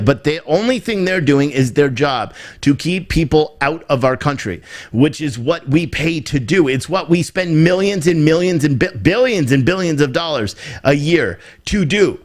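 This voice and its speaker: An American man talking through political commentary on a live stream, with a voice that sits a bit higher than most men's. He drives each point home with repetition and rhetorical questions. His delivery rambles, and he often starts a sentence over. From United States. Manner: rambling, with frequent restarts. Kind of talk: off-the-cuff commentary reacting to viewer chat.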